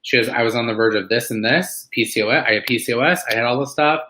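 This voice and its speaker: A man talks casually to his weight-loss community, rambling through stories with plenty of "like" and "um". He breaks into fired-up, preachy bursts of encouragement. His voice is bright and forceful, sitting in an ordinary middle pitch. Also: quick pace, a little hiss or hum, rough recording. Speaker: weight-loss community member speaking on a live meeting. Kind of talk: casual motivational talk.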